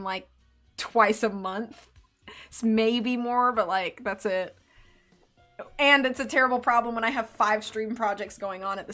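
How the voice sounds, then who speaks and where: A woman's voice: mid-range voice, a bit bright. A woman streamer reading a book aloud live and chatting in giggly, rambling asides.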